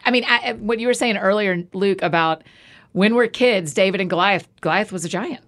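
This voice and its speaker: Woman, mid pitch, enthusiastic, chatty host. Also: moderate pace, a bit bright. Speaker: podcast host. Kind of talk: casual interview chat.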